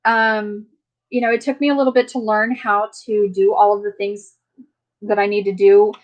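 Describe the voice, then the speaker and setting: A woman with a mid-range voice talks at a moderate pace in a level tone, hosting a casual live stream chat. She rambles warmly and chattily to her viewers, dropping in plenty of fillers along the way.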